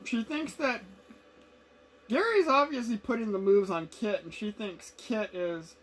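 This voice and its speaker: A woman's voice: a little high, unhurried, rough recording. A woman co-hosting a podcast, chiming in with corrections and asides in a casual chat about a movie. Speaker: podcast co-host.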